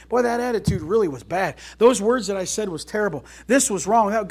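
Man, pastor, folksy sermon delivery, somewhat high voice, big swings from loud emphasis to quiet asides. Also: fairly quick, hardly any pauses, breathy edge. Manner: folksy, animated preaching with asides and jokes.

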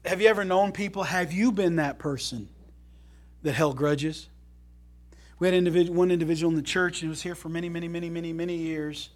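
A man preaching a sermon as pastor, folksy and animated, mixing loud emphatic lines with quiet low asides and jokes. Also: a little fast.

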